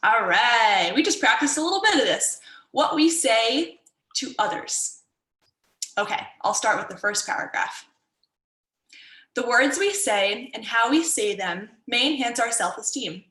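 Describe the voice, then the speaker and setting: Bright, upbeat woman teaching kids. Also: fairly high pitch, animated, unhurried, reverberant, rough recording. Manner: upbeat, encouraging. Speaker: martial arts instructor. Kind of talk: teaching a kids' online workshop. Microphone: video call.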